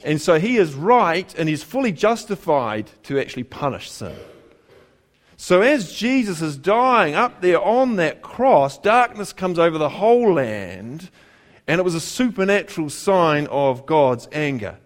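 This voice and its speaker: New preacher with lively delivery. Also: male voice, fairly high pitch, a little slow. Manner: conversational, with rhetorical questions to the congregation; emphatic repetition of key phrases. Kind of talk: sermon.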